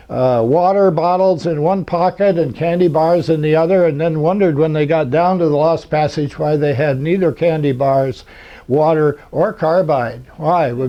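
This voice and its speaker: An older man giving a rambling, dry-humored talk to an audience in a lecture hall, with plenty of fillers. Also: fairly high pitch. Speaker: convention speaker. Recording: muffled lo-fi recording.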